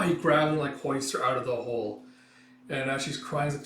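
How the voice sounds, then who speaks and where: A man's voice: mid-range voice, steady tone, moderate pace, fairly bright tone. Casual man narrating a comic. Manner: casual, many fillers, reacts aloud. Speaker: manga read-along host. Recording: roomy echo, distant mic.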